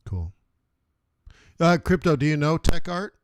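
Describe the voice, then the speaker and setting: A man's voice: a little high, sing-song, measured pace. A man hosting a live trading stream, chatting casually and rambling through anecdotes. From United States. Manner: rambling storyteller, laughs at his own anecdotes. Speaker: forex trading stream host.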